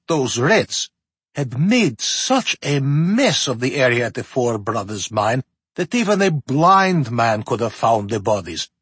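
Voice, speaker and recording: Here an audiobook narrator reads scripted narration in a measured, hushed storytelling style. His mid-range voice has a breathy edge, and there's no room sound.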